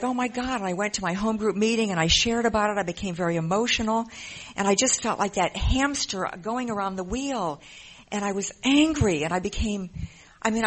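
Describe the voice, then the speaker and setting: A speaker giving an earnest, emotional personal testimony in a recovery program, often repeating phrases. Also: medium pitch. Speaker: member sharing in a recovery program.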